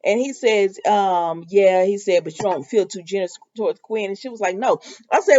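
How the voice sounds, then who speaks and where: A woman's voice: mid-range voice, normal speed, hardly any pauses, a little mellow, dull audio. A woman giving a casual, sassy recap of a soap opera episode. She laughs often and talks back to the characters.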